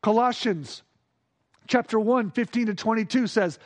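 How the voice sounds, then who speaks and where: Man, very high voice, preaching, sermon, hushed awe to playful emphasis. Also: moderate pace. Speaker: pastor.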